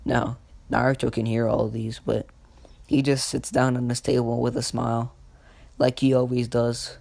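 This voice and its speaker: A man casually narrating a fan story, halting and slow, with many restarts. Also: mid-range voice, flat delivery, creaky, darkish tone, dry recording.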